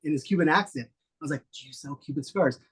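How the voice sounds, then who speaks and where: A middle-aged man, a guest, telling stories in a relaxed, rambling way with many fillers. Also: on the high side, quick pace, husky. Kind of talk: casual storytelling interview.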